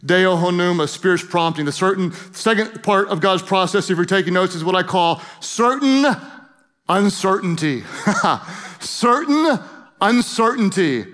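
A man's voice: sits high, lively intonation, unhurried, a bit bright. A middle-aged man preaching a sermon as pastor, playful and emphatic, joking with the congregation in a church. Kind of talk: humorous energetic sermon. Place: church auditorium.

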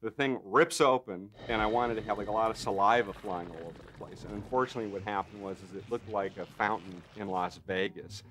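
A man, a makeup effects artist, telling a lively behind-the-scenes story in an interview and acting out what other people said. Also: lowish voice, a little fast, few pauses, a little hiss or hum. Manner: animated storyteller, acts out others' lines. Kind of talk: interview anecdote.

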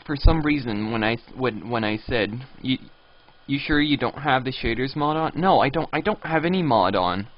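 A man's voice: medium pitch, expressive, moderate pace, a little hiss or hum. A man streaming a video game live, rambling and reading signs and chat messages aloud. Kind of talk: live gameplay commentary. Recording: dull lo-fi stream audio.

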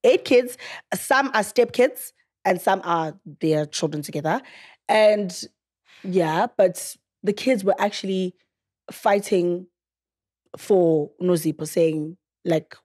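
Host: young South African woman, husky tone, chatty storyteller who acts out quotes. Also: on the low side, slow pace. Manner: animated storytelling, acting out quotes. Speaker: podcast host. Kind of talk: casual chat.

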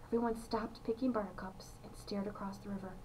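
A woman reading a children's novel aloud to pupils, expressive, with a few slips and restarts. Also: mid-range voice, brisk, slight background noise, rough recording.

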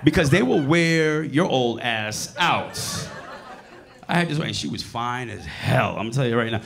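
Animated man in his forties, gravelly voice. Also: mid-range voice, normal speed, a faint crowd. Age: 40s. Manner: crude, animated storytelling with audience banter. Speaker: stand-up comedian. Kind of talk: stand-up set in a club. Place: comedy club with live audience.

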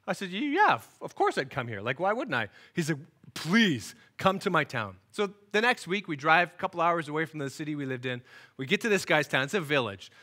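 A man's voice: a little high, very animated, quick pace, sharp tone. A man preaching a sermon in a storytelling way, acting out the people in his stories as he goes. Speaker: guest speaker. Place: church, recorded for online worship.

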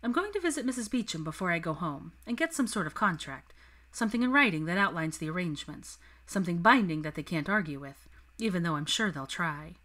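A woman reading the lines of a refined, headstrong young witch in a crisp, determined manner. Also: fairly low pitch, animated, a little fast, fairly bright tone.

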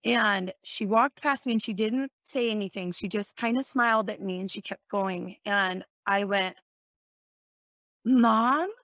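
A woman's voice: mid-range voice, moderate pace, hardly any pauses, fairly bright tone, no echo. A woman guest telling a personal dream story in earnest detail, acting out the quoted voices. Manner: earnest, vivid retelling with quoted dialogue.

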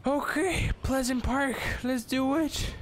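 A man putting on the voice of a nervous teenage boy sidekick from a cartoon, high and strained. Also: fairly even intonation, takes it slowly. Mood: anxious.

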